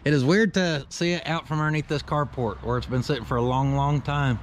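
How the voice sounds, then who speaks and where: A man's voice: a little high, steady tone, fairly quick, slight background noise. A man hosting a shop vlog outdoors, talking in a joking, folksy way with country slang. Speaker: shop owner and channel host. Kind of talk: casual vlog commentary. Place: outdoors behind a workshop, by a carport.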